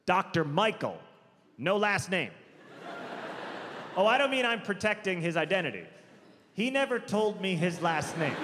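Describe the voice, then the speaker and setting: Male stand-up, high lively voice, long theater reverb. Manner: animated storytelling with acted voices. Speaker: stand-up comedian. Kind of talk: stand-up comedy. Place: large theater stage. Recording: big theater hall with faint crowd noise. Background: audience laughter.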